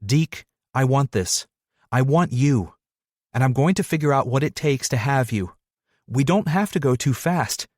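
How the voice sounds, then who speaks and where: A man's voice: medium pitch, animated, unhurried, darkish tone, dry recording, studio quality, voice pushed up. A man voicing a determined young woman, a schoolteacher who speaks firmly and demandingly. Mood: pleading. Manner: firm, demanding.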